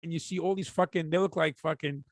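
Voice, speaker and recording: A man co-hosting a podcast talks fast in a fairly high, fairly even voice, casually telling crude, profane stories. He laughs at them and chimes in with jokes. The recording is dry and studio quality.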